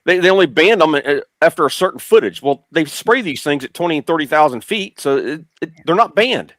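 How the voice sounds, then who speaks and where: A man's voice: a little high, expressive, brisk, a bit bright, dry recording. A middle-aged man speaking as a guest on a political talk show, blunt and insistent, repeating his points. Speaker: guest commentator.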